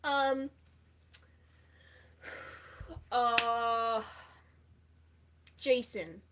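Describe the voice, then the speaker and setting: A woman's voice: a little high, drawn-out words, noisy background. Chatty young woman reading out comments. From United States. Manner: reads viewer comments aloud and answers them chattily. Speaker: livestream host. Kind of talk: casual livestream chat.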